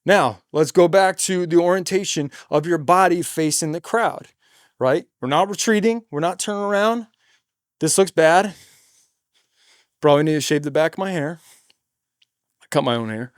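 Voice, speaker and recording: A young man who sings in a band gives a casual, energetic lesson on stage moves, swearing freely and often tagging "right?" and "dude". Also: high voice, no echo, studio quality. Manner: energetic, demonstrates moves, bursts into shouted song lines. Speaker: singer giving stage tips.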